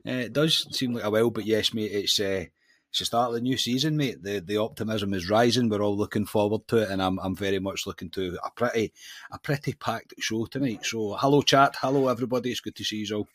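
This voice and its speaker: A Scottish man co-hosting a football podcast, animated and chatty, dropping "mate" into nearly every sentence. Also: lowish voice, fast, no echo, clean studio sound. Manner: animated storyteller, says "mate" constantly. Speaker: podcast co-host. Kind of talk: casual football chat.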